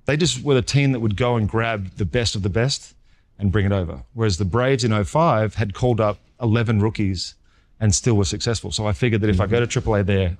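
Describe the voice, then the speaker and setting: Lower-voiced Australian man telling stories. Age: 40s. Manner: lively storyteller who acts out quoted dialogue. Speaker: guest, former baseball pitcher. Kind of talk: casual storytelling interview.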